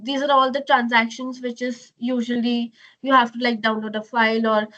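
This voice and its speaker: A woman's voice: fairly high pitch, flat delivery, moderate pace, bright, forceful tone, dull audio. A woman moderating a webinar over a video call, asking questions with many fillers. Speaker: webinar host.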